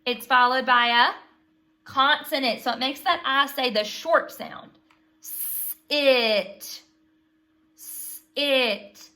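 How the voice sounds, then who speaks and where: Slow, bright-voiced woman teaching phonics. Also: sits high. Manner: slow, patient, prompting call-and-response. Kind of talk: phonics lesson for young children.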